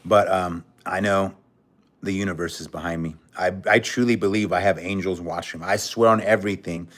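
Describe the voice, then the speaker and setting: A man chatting on a casual livestream with a fairly low voice. He talks bluntly and frankly, swears freely, and comes across as earnest and emotional. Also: fairly even intonation, a little fast, a bit bright. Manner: blunt, outspoken, cursing freely. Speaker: livestream host. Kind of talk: casual livestream chat, reading viewer comments.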